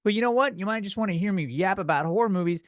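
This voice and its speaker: Young guy yapping into a desk mic, bit high voice, dry sound, rambly and sweary. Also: racing, no room sound. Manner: rambling, profane, self-deprecating. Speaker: podcast host. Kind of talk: comedic rant podcast. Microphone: desk microphone.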